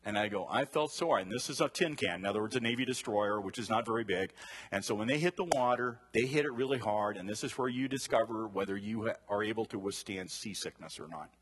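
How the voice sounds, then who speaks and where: A man with a fairly low, slightly rough voice speaks fast while leading a group Bible study. His manner is chatty: he puts questions to the class and wanders off into side stories.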